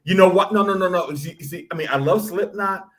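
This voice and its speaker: Guy on a web talk show, kinda high voice, rambling through old stories, lots of side tangents. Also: fast talker. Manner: reminiscing, animated storytelling with many asides. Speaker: show host.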